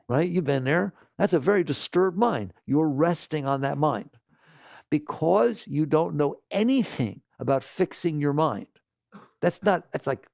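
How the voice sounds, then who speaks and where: Gravelly animated man giving a spiritual talk. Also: a little high, unhurried, dry recording, studio quality. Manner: animated, mimics inner voices in exaggerated quotes. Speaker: spiritual teacher. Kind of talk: spiritual talk to a live audience.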